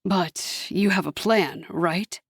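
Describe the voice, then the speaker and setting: A woman's voice: lowish voice, slow pace, slightly rough, no echo, studio quality, full character voice. Woman doing a mischievous young male angel. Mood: earnest.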